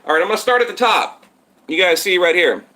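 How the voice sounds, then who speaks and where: A man hosts a casual boxing live stream from home, talking straight to his viewers and wandering between points as he reads their comments. His voice sits high and cuts through with a bright, tense edge. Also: lively intonation, quick pace. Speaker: boxing channel host. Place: home setup in Texas. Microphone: tablet on live stream.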